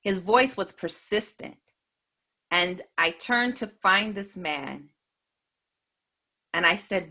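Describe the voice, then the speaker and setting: A woman earnestly recounting a personal faith testimony in a measured way. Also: medium pitch, animated, pushed and bright. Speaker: speaker giving a faith testimony.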